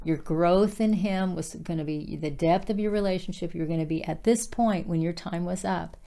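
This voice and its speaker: A woman's voice: lowish voice, moderate pace, creaky, warm tone. A woman giving a casual devotional Bible teaching, speaking earnestly and directly to her listeners.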